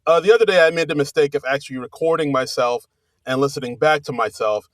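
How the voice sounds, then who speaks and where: A man's voice: fairly high pitch, fast talker, no echo. A man from New Jersey co-hosting a podcast, talking casually in a rambling way with restarts and fillers. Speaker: podcast co-host. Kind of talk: casual chat.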